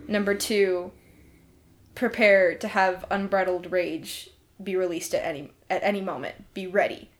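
A woman's voice: fairly low pitch, fairly even intonation, measured pace, faint music behind. A woman in her twenties co-hosting a podcast, chatting playfully and breaking into giggles. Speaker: podcast co-host. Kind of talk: casual podcast banter.

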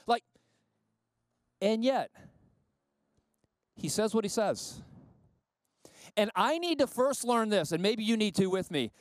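A male pastor giving a sermon in a conversational, animated way, with frequent asides. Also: sits high, slow pace, pauses often, no room sound.

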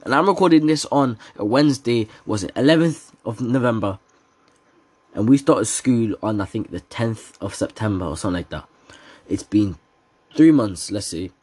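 A teenage guy with a husky, darkish voice on the low side hosts a casual solo podcast, sounding animated at normal speed. He drifts from subject to subject, joking, laughing often, and using heavy slang.

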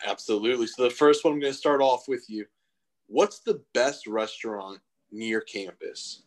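Male host asking set questions in an upbeat, mid-pitched voice. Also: normal speed. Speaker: interviewer. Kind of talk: interview questions.

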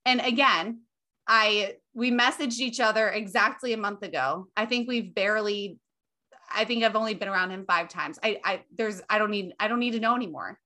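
Young woman, podcast host, casual chat, bright voice, emphatic, swears a lot. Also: mid-range voice, moderate pace. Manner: gushing, emphatic, swears freely.

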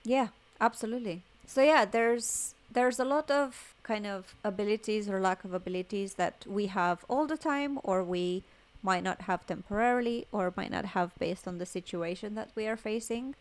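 Female guest with a noticeable accent, thoughtful and measured, medium pitch. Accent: non-native accent. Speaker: podcast guest. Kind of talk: casual chat.

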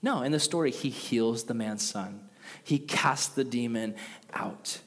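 A man preaching a sermon in a casual, conversational and animated way. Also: medium pitch, unhurried. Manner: conversational, animated, with acted quotes. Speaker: pastor. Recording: long reverb of a large hall.

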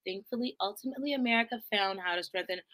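A woman live streamer chatting casually about a movie, rambling and animated, with swearing and laughing asides. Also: medium pitch, fast talker. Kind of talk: casual movie recap chat.

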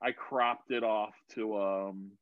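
A man telling a rambling story on a video call, swearing freely and getting animated as he retells it. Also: lowish voice, slow, no echo, narrow, tinny audio. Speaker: guest. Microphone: phone on video call.

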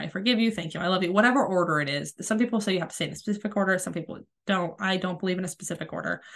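A woman in her thirties hosting a spiritual coaching podcast, talking in a gentle, soothing, casual way while she has a cold. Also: mid-range voice. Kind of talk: casual solo podcast talk.

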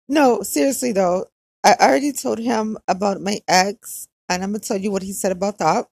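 A chatty woman with a Hawaiian accent confides to her listeners in a loose, diary-style podcast. Her voice has a gravelly, creaky edge and sits at a middling pitch. The sound is close and dry, with no room around it. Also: moderate pace, darkish tone, no room sound. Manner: chatty, confiding, quotes others. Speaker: podcast host. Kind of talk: casual diary-style chat.

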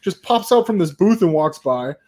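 A man's voice: high-pitched, expressive, fairly quick, darkish tone. A man co-hosting a podcast, telling loose anecdotes in casual chat with plenty of swearing. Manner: loose, profane storyteller. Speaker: podcast co-host.

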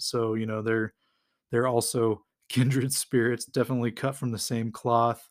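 An American man hosting a podcast, casually recapping a comic storyline with lots of fillers and quick little acted-out quotes. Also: mid-range voice, a little mellow. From United States. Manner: rambling, lots of fillers, acts out quotes lightly. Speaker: podcast host.

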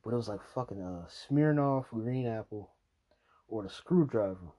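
A man's voice: lowish voice, lively intonation, moderate pace, dark tone. A young man vlogging, telling a rambling, profane drinking story and laughing at himself. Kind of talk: casual storytelling monologue.

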